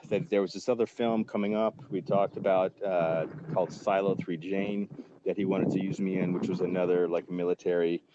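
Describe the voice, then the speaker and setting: A man in his forties, a guest actor on a podcast, telling a casual and lively story with lots of fillers and the odd swear word. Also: low-pitched, highs cut off, heavy background noise.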